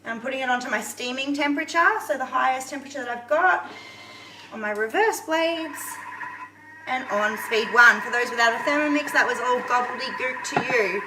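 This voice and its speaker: A woman chats to her viewers as she cooks live in her home kitchen. Her voice sits high, and her talk is easy and conversational. The live stream carries clear background noise. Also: a little fast, recorded from a distance. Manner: chatty, talks to viewers while cooking. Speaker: home cook hosting a live cooking video. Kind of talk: live cooking demonstration, chatty.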